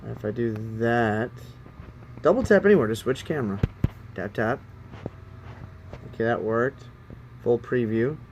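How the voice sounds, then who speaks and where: A man's voice: mid-range voice, lively intonation, a little slow, long pauses, slight background noise. A man streaming from his phone, talking to himself and to chat while he tries to work out the app's settings. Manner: frustrated, muttering while fiddling with phone settings. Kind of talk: casual live-stream chat.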